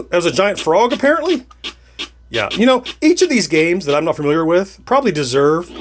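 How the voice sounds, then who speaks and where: A man's voice: sits high, noisy background. A middle-aged man giving casual commentary while he plays retro games, chatty and laughing often, thinking aloud as he goes. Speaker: retro gaming video host.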